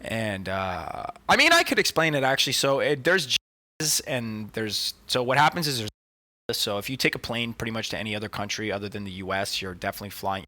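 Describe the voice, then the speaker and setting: A man's voice: fairly low pitch, animated, a little fast, sharp tone, no echo. A man co-hosting a podcast, telling stories in casual chat, swearing often and filling with "like" and "dude". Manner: profane, filler-heavy storytelling. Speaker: podcast co-host.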